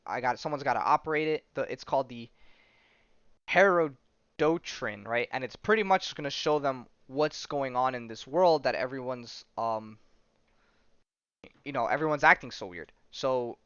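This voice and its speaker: A man's voice: medium pitch, a little slow, pauses often, a bit bright, smooth, dry recording. A man hosting a podcast, casually retelling comic stories, rambling with many fillers and restarts and the odd swear word. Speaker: podcast host. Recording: dull lo-fi sound.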